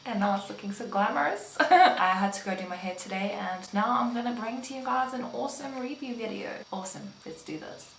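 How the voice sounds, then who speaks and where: A woman's voice: fairly high pitch, expressive, brisk, gravelly. A young woman from South Africa doing a casual makeup tutorial vlog, chatty and playful, joking with herself and her viewers. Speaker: beauty vlogger. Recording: echoey room with faint background noise.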